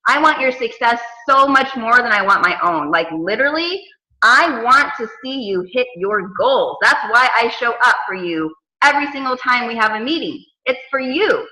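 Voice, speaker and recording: A woman in her thirties coaching her team on a casual video call, telling stories with lively, dramatic asides. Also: a little high, moderate pace, reverberant, rough recording. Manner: animated storytelling with dramatic quoted asides.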